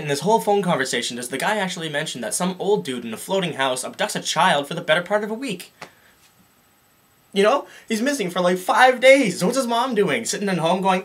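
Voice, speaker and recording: Brief: young male vlogger, comic sarcastic rant, husky voice, very expressive delivery. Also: high-pitched, moderate pace. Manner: sarcastic, animated, jumps into funny voices.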